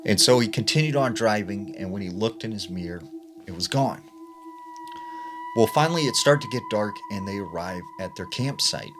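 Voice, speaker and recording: A man's voice: fairly low pitch, lively intonation, normal speed, background noise. A man casually narrating eerie stories, chatty and loose, with a lot of "like" and "you know". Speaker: storyteller. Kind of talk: casual spooky story narration. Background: background music.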